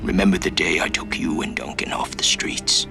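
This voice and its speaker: An actor playing a weary older man asking an old ward for help, speaking in a hushed, regretful, confiding way in a game scene. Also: low-pitched, steady tone, normal speed, gravelly, in a whisper, over music. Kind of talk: video game cutscene acting.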